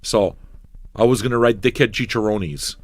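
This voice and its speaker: A man with a lowish voice speaks at a normal speed in a recording with no room sound. Hosting a live-streamed record show as a DJ, he rambles to his chat in profane, mock-ranting radio banter.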